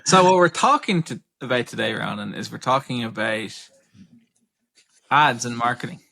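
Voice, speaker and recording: Gravelly, bright-toned Irish man. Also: mid-range voice, animated, normal speed. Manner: chatty and bantering. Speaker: podcast co-host. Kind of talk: casual podcast chat.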